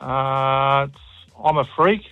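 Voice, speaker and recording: A man's voice: mid-range voice, steady tone, slow pace. A man calling in to a radio quiz, speaking plainly and without fuss. His line sounds dull and lo-fi, with faint music in the background. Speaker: caller. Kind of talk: phone-in caller.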